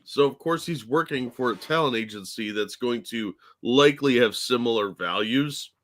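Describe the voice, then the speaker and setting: Blunt man with a bright edge. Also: mid-range voice, normal speed. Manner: blunt, crude, sarcastic remarks. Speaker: co-host. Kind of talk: casual podcast chat.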